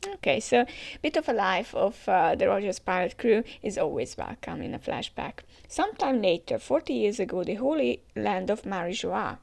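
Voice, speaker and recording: A woman's voice: mid-range voice, sing-song, normal speed, creaky, a little mellow. A woman hosting a comic reaction, reading the chapter aloud with chatty comments and frequent laughs. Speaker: manga reaction host.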